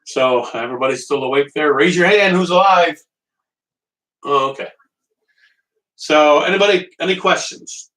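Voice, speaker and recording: A man's voice: on the high side, moderate pace, pauses often, fairly bright tone. A man hosting a live home cooking stream, rambling and joking with viewers while he waits on his stove. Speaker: home cooking show host. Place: kitchen at a small portable stove. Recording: distant mic.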